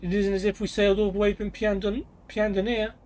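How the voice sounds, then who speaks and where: A man's voice: high voice, flat delivery, a little fast, a little mellow, natural voice. A man voicing an irritated grey-cloaked mage who answers curtly and angrily. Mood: angry. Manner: angry, curt.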